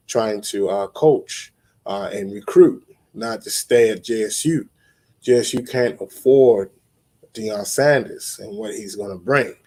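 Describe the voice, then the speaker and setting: A man's voice: on the low side, a little mellow. Blunt sports talk man, chuckling. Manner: blunt, repetitive, chuckling, frequent restarts and fillers. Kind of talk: casual opinion monologue.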